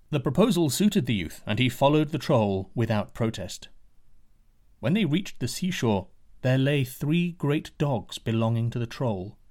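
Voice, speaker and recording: A man narrating a fairy tale in a measured, expressive reading. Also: medium pitch. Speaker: storyteller.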